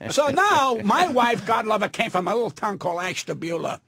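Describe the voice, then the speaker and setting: Gravelly, profane older man ranting. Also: sits high, fairly quick, no room sound, clean studio sound. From New York. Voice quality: gravelly, husky. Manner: profane, loud, ranting, swings from mutter to shout. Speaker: guest comedian. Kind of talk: brash storytelling on a radio show. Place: radio studio. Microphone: studio mic.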